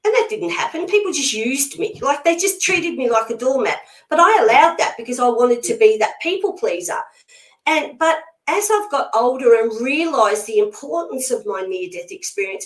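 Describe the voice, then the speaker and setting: A woman's voice: fairly high pitch, animated, normal speed. A woman speaking as a spiritual medium guest in a casual conversation, blunt, emphatic and outspoken. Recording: echoey room sound.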